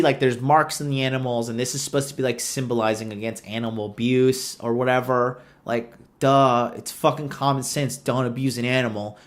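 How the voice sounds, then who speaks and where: A man giving a sarcastic, profane rant of a movie review, retelling scenes with exasperation. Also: medium pitch. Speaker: online commentator.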